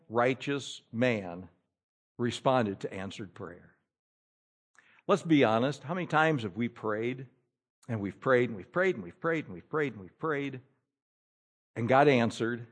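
A male pastor preaching a sermon, telling the story in an animated, humorous way. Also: medium pitch, a little slow, long pauses.

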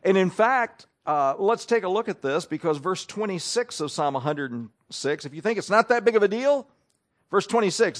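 A man preaching a sermon with a fairly high voice that swings widely up and down. He talks conversationally and keeps asking his listeners questions as he works through scripture. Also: big pitch swings, moderate pace.

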